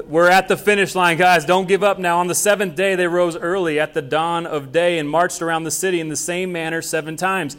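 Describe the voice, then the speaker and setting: A man's voice: a little high, fairly bright tone. A young man preaching a sermon as pastor, casual and conversational, acting out bits of dialogue.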